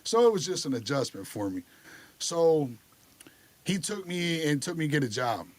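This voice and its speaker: A man's voice: fairly high pitch, moderate pace. A man telling his recovery story on a podcast in a candid, casual way. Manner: candid, lively retelling with acted dialogue.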